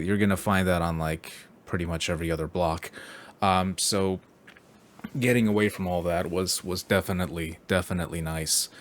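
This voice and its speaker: A young man from New York City chatting casually in a rambling, wry and crude way, full of fillers. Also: sits low. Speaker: vlogger.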